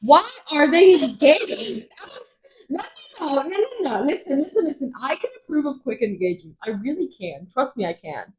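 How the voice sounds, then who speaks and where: A woman's voice: sits high, normal speed, hardly any pauses, poor audio. A woman co-hosting a book podcast, chatting casually and ranting in mock outrage. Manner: animated, exclaiming, mock-outraged rants. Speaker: podcast co-host. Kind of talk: casual book club chat.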